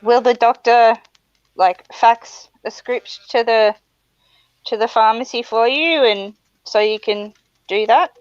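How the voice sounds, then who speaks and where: A woman's voice: a little high, slow pace, clean tone, no echo. An Australian woman chatting casually on a call in a sympathetic way. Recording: dull call audio.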